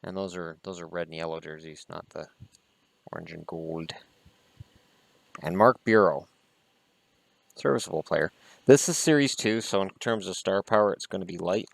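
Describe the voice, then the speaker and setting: A man with a fairly low voice chats casually through a vlog, opinionated and quick to swear mildly. The sound is dry and close, with no room echo. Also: gravelly. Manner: chatty and opinionated, with mild swearing. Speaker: hockey vlogger. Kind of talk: casual card-opening vlog chat.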